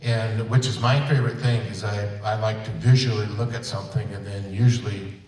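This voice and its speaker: A man's voice: on the low side, steady tone, a little fast, darkish tone. An older man, a voice actor on a convention panel, telling stories in a rambling, playful, self-deprecating way. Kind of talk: storytelling panel talk. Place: convention auditorium. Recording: echoey auditorium, distant mic.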